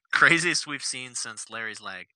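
A man co-hosting a podcast in casual chat, joking, laughing often and halting over fillers. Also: medium pitch, lively intonation, pushed and bright, dry recording. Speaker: podcast co-host.

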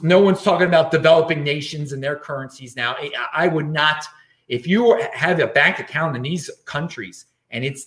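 A man's voice: on the high side, fairly bright tone. A man hosting a live-stream show, talking bluntly and emphatically, with many stumbling restarts as he reads chat questions. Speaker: show host. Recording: echoey room.

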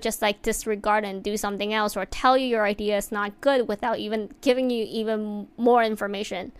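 A woman's voice: mid-range voice, fairly quick, hardly any pauses, clear, resonant tone, no echo. Chatty woman giving workplace advice. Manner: chatty, many fillers, animated emphasis. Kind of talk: casual advice talk to viewers.

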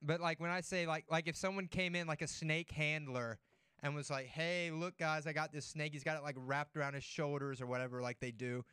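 A man co-hosting a sports talk show, his voice smooth and a touch high, recorded dry and close. He tells rambling, loose stories and peppers them with "like". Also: steady tone, brisk, sharp tone, dry recording. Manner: rambling storyteller, heavy use of "like". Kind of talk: casual chat.

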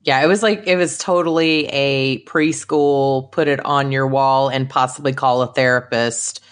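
A woman co-hosting a casual movie review podcast, animated and acting out lines from the film in jumpy voices. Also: very deep voice, moderate pace, smooth. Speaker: podcast co-host.

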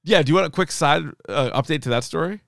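A man in his thirties co-hosts a casual podcast, telling stories with lively outrage and plenty of swearing. His voice is smooth and resonant. It is recorded dry and close. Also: a little high, fast, dry recording. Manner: animated, profane storytelling. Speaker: podcast co-host.

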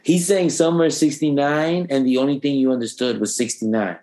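A man's voice: mid-range voice, fairly quick. A man co-hosting a podcast, telling a vacation story in casual chat, swearing freely and slipping into voices. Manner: animated storyteller, profane, does voices. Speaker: podcast co-host.

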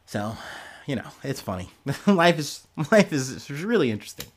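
A man's voice: mid-range voice, big pitch swings, normal speed. A young man hosting a podcast, giving casual, profane, sarcastic news commentary and often laughing. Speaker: podcast host.

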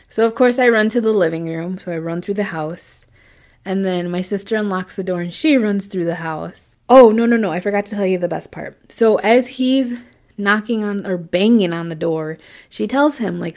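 Animated woman telling a story. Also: mid-range voice, normal speed. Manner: animated, acts out quotes and drops to whispers. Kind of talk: casual spoken storytelling.

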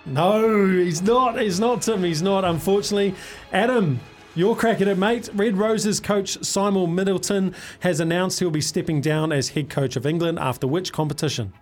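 A man's voice: high-pitched, normal speed. A man hosting a radio sports quiz, upbeat and matey with plenty of slang. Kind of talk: casual radio banter. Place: radio studio.

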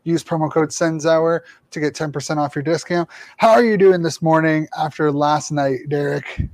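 A man hosts a casual sports podcast in an upbeat, easygoing way. His voice sits a little high. The sound is dry and close, with no room around it. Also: normal speed, no echo. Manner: upbeat, relaxed, reads sponsor plug. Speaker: podcast host.

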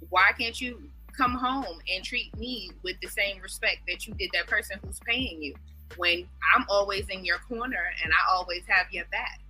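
A woman's voice: medium pitch, moderate pace, bright, forceful tone, faint music behind, rough recording. A woman talking in a casual group discussion, emphatic and opinionated, telling family stories. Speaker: discussion panelist.

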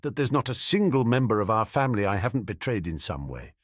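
A guilt-ridden young schoolboy wizard, as a male narrator puts him on, thinking aloud in a low, heavy voice. It sounds dry and close, with faint music behind. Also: sing-song, fast, no echo. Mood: miserable. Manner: miserable, then resolute.

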